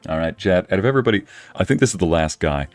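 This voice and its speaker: A man with a very low, deep voice talking casually over a farming game stream. He jokes and addresses his chat in an animated way, with soft game music faint in the background. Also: very fast. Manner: joking, animated, talks to chat.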